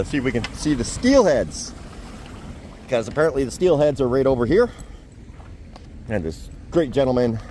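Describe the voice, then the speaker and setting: A middle-aged man from Canada talks to his camera while walking outdoors at a hatchery. His voice swings widely in pitch as he chats in a chatty, self-deprecating way. Faint wind and ambient noise sit behind him. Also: mellow. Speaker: travel vlogger. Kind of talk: casual vlog walk-and-talk.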